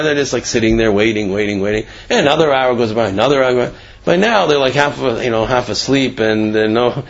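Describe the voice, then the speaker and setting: Conversational male Torah teacher with a husky voice who acts out the story's characters. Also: mid-range voice, lo-fi sound. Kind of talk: Torah class with a told story.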